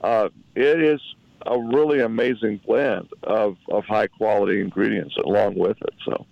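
A man pitching a product over a call, halting and repeating himself as he talks. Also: steady tone, gravelly, no echo, dull audio. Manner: halting, repeats words, salesy. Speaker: product promoter. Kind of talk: phone call.

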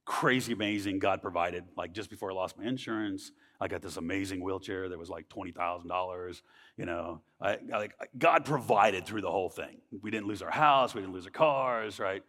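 A man's voice: low voice, a little fast, a bit bright, big-room sound. A man giving a personal faith testimony in a church, talking earnestly and conversationally and often checking in with "right?". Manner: earnest, conversational, frequent tag questions. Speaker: speaker sharing a testimony.

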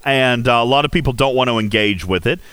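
A man hosting a casual game livestream, talking in an animated, rhetorical way with many fillers. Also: mid-range voice, quick pace, clean tone, no echo. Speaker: livestream host. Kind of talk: casual game commentary chat.

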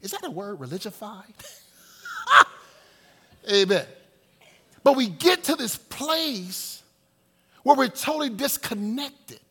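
A male pastor preaching a sermon with dynamic swings from loud to hushed, acting out prayers in quoted voices. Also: very high-pitched, big pitch swings, slow, pauses often, breathy edge.

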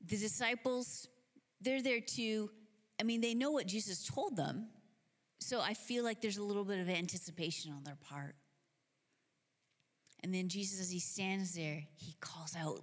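A woman preacher telling stories in a sermon, animated and casual, with many filler words. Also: on the low side. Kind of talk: sermon storytelling. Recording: long hall reverb.

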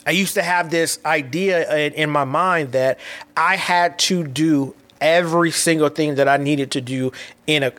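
A man talking on his own podcast, reflecting out loud in a quick, restless way, often repeating words and dropping slangy asides. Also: fairly high pitch. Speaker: podcast host. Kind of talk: reflective solo podcast monologue.

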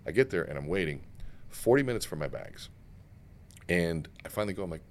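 A man's voice: sits low, lively intonation, a little hiss or hum. A man guest on a podcast, telling stories emphatically, swearing and acting out quotes. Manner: fast, emphatic storytelling with swearing and acted quotes. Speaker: guest speaker and author. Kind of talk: animated podcast interview. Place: podcast studio set.

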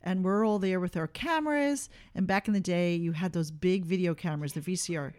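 A middle-aged woman, a mother co-hosting a podcast, telling a family story in casual chat with lively, laughing delivery. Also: fairly low pitch, fairly quick.

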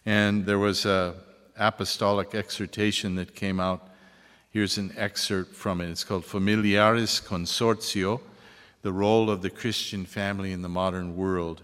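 An older man, a priest, giving a relaxed, joking talk to an audience. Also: low-pitched, normal speed, clear, resonant tone. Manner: relaxed, joking, chuckles at his own jokes. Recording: long hall reverb.

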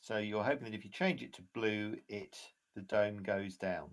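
A man's voice: fairly low pitch, normal speed. A man acting as game master, directing the players and narrating the scene. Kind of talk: running a tabletop game.

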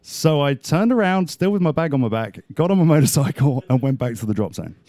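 A man's voice: on the high side, sing-song, a little fast, warm tone, dry recording. Casting: male podcast guest, raised in Australia, loose rambling storyteller, laughs a lot, dry close mic. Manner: laughs often, rambling anecdotes. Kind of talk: casual storytelling chat.

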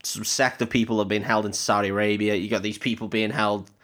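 A man's voice: lowish voice, level tone, quick pace, fairly bright tone. A young man co-hosting a podcast, animatedly retelling a film and acting out its lines. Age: young adult. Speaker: podcast co-host. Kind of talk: casual film-recap chat.

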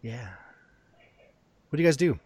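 A man's voice: medium pitch, measured pace, darkish tone, husky. A man hosting a podcast in a casual, jokey chat, laughing often. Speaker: podcast host.

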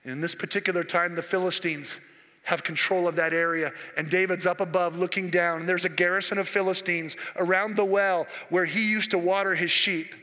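An older pastor preaches with a piercing, bright voice pitched high for a man. He tells his stories with passion and climbs to forceful peaks. His voice rings in a church sanctuary with a long reverb. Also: steady tone, a little fast. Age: 60s. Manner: impassioned, storytelling, rising to near-shouted peaks. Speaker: senior pastor. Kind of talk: sermon.

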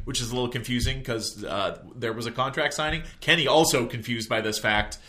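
A man's voice: mid-range voice, a little fast, hardly any pauses, bright, forceful tone. A young adult man hosting a podcast, recapping wrestling in loose, sweary chat with jokey asides. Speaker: podcast host.

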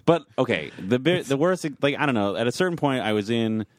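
A man recounting a travel story among friends, rambling and doubling back as he talks. His voice is mid-pitched and ordinary. The recording is close and dry. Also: animated, brisk, no echo. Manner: rambling storyteller, lots of fillers and restarts. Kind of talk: casual chat, telling a travel story.

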